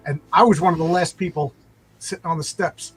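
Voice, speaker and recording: Middle-aged New York man, slightly high voice, rambling casual storyteller. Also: steady tone, fairly quick, soft background music, rough recording. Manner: rambling, full of "like" and restarts.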